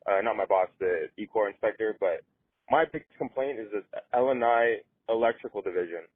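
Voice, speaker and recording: A man's voice: fairly low pitch, a little fast, husky, dry recording. A man of twenty-five, an electrician, complaining earnestly and hesitantly in a voicemail. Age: 20s. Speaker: caller, electrician. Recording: phone-line voicemail, dry.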